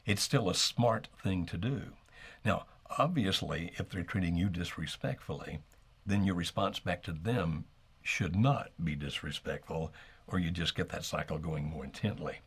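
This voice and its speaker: A man co-hosting a live call-in marriage advice show, calmly explaining what to do and acting out sample lines. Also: sits low, normal speed, husky. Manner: calm, explanatory, acts out sample dialogue. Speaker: marriage coach co-host.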